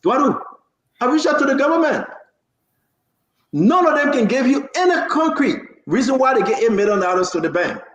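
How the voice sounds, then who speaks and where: A man's voice: extremely high pitch, sing-song, normal speed, fairly bright tone, echoey room. A man hosting a heated political talk show, impassioned, cutting in and repeating himself for emphasis. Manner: impassioned, talks over others, repeats for emphasis.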